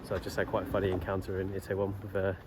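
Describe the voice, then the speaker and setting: A young man, a travel vlogger, tells a story in a casual vlog, rambling and laid-back with plenty of fillers and restarts. His voice sits low and monotone, delivered rapid-fire, with background noise present.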